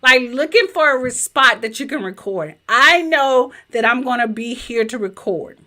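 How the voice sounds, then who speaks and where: A Southern business coach teaches in a live-streamed presentation from her home office via webcam, animated and chatty, talking straight to viewers. Her voice is high and bright, and she speaks at a moderate pace.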